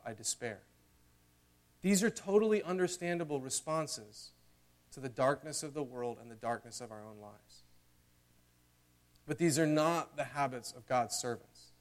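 A young man preaching a sermon in a slightly high voice. He talks in a conversational, earnest way, often checking in with the congregation, and reads scripture with dramatic force. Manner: conversational, earnest, with frequent "okay?" and "right?"; dramatic readings of scripture and mock prayers.

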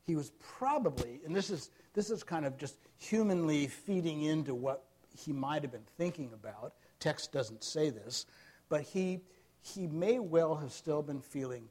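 A middle-aged man preaching a sermon, telling stories with bursts of loud emphasis that fall back to quiet asides. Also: moderate pace. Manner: storytelling, rising to loud emphasis then dropping low.

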